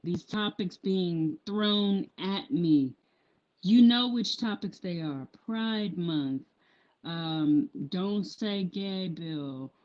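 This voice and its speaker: A small business owner vlogs live about her handmade apparel, her fairly low, darkish voice moving at a very slow pace. Her casual talk is full of ums and restarts, and the sound quality is dull lo-fi.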